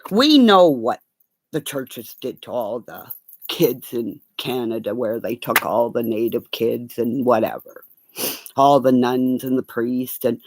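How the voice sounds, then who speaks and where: A woman in a rambling, profane livestream rant that breaks into sudden shouting. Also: extremely low pitch, no echo, studio quality. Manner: profane, erratic, bursts into shouting.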